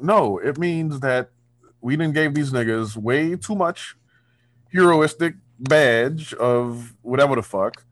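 A man speaking in quick, casual conversation with an emphatic tone. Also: mid-range voice.

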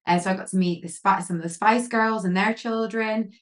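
Chatty woman telling lively anecdotes. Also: medium pitch, a little fast. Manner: lively storyteller, many fillers, acts out quotes. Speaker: guest, pageant queen and photographer. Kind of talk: casual interview chat.

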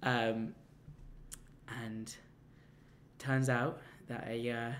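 A young man telling a casual anecdote, rambling and halting with many restarts and fillers. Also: medium pitch, level tone, slight background noise. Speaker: storyteller.

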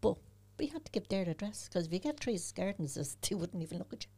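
A woman's voice: medium pitch, expressive, fast, warm tone, breathy edge. An older Dublin woman, a podcast guest, speaking frankly and telling her stories with animation. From Ireland. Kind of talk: casual podcast conversation.

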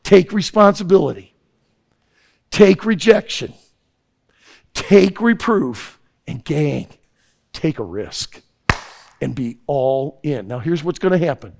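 A man preaching a sermon to young people, hammering his points through emphatic repetition and storytelling. His voice sits fairly high, carries a gravelly texture and swings widely in pitch. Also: animated, takes it slowly, long pauses, a little mellow.

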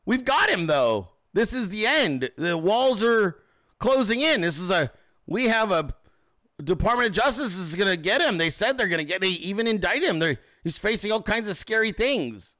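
A man's voice: high-pitched, sing-song, moderate pace, pushed and bright, voice pushed up, full character voice. A man putting on the voice of a panicky, whining male leftist to mock him. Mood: panicked whining. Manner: mocking, incredulous whining.

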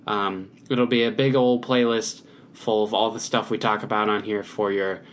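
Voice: mid-range voice, normal speed. Easygoing podcast co-host, faint noise behind. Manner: relaxed, easygoing banter. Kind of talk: casual chat.

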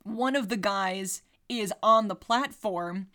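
A woman co-hosting a movie podcast in casual chat, animated and swearing freely, acting out scenes in quick voices. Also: mid-range voice. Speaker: podcast co-host.

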